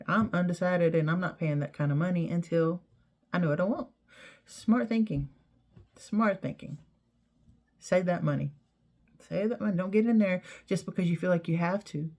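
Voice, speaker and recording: This middle-aged woman vlogger speaks to camera with a deep, slightly mellow voice touched by vocal fry. Her talk is casual and heartfelt, rambling and repetitive, and sprinkled with plenty of "you know"s.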